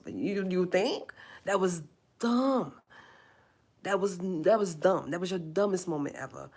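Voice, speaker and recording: A woman with a low voice speaks in on her live stream. She rants with emphasis and goes back over the same phrases again and again. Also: a little fast, slightly rough. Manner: indignant, emphatic, repeats phrases. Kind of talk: impassioned live-stream rant.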